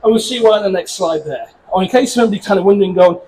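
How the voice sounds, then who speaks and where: High-voiced English man giving a panel talk. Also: racing, warm tone, a little hiss or hum, poor audio. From England. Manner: chatty, self-deprecating, joking with the audience. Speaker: comic book creator presenting a convention panel. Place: panel room at a convention before a small audience.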